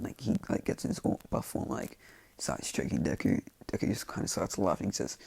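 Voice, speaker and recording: A man's voice: sits low, wildly swooping pitch, normal speed, creaky, long pauses, darkish tone, husky, no room sound. A man casually retelling a fan-made story in a loose, rambling way full of fillers.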